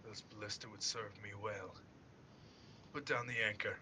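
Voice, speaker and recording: A man narrating a tabletop game as game master, animated and often laughing. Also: fairly low pitch, normal speed, slight background noise.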